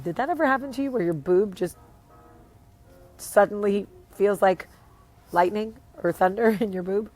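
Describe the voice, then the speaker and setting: A woman's voice: mid-range voice, a little slow, pauses often, soft background music. A woman in her thirties or forties with a New Jersey accent, casually telling a story on her vlog, acting out the people she quotes. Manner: animated, acts out quotes, swears casually. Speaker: vlogger, show host.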